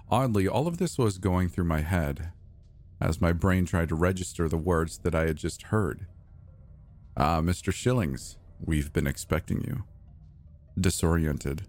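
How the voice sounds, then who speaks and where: A man with a very low, deep voice narrates a horror story in the first person. His delivery is measured and deliberate, and soft music plays faintly underneath.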